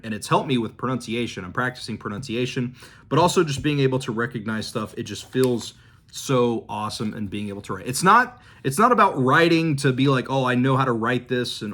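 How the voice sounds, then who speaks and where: Chill guy rambling about his flashcards, lots of uh and like, drifts off mic sometimes. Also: mid-range voice. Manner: relaxed, rambling, thinks aloud with fillers and restarts. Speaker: language-learning vlogger. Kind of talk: casual demonstration talk.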